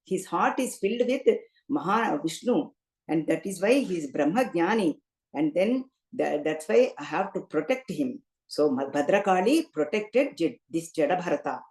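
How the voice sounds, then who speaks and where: A woman giving a spiritual discourse, telling a scriptural story and chanting Sanskrit verses slowly. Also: on the low side, lively intonation, darkish tone. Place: temple hall. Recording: roomy hall echo.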